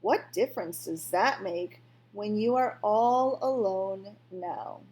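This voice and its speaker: Mocking night stars, cold taunting voice, slow, a woman reading aloud. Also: mid-range voice, darkish tone, poor audio.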